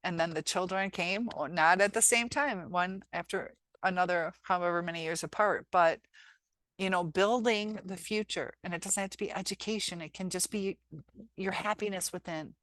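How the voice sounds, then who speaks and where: A woman's voice: lowish voice, normal speed, fairly bright tone, dry recording. A woman, a teacher, giving casual, earnest encouragement in a motivational vlog. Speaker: teacher and healing vlogger.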